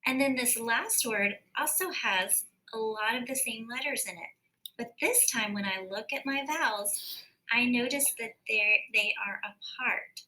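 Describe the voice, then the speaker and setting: A woman teacher giving a recorded phonics lesson, slowly and carefully sounding out words. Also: a little high, pushed and bright, low-quality recording.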